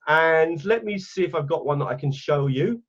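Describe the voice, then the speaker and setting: An English man leads a teacher training webinar on a video call through his computer mic, chatting, correcting himself and clicking around his screen. His voice is high for a man, a little husky, expressive and fairly bright, at a moderate pace, and the call audio sounds dull and lo-fi.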